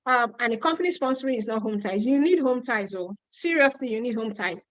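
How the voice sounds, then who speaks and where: Nigerian woman with a Yoruba accent, live webinar host, high voice, chatty and emphatic, dry close sound. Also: lively intonation, no room sound, low-quality recording. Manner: chatty and emphatic, repeats points, answers questions with quick asides. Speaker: host answering viewer questions. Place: home in Ontario.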